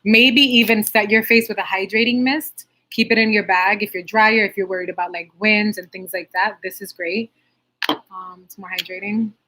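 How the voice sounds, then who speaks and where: A woman's voice: medium pitch, fairly even intonation, normal speed, sharp tone. A young adult woman, a makeup artist, answering viewer questions in a bubbly, chatty livestream style and laughing often. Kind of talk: casual livestream Q&A.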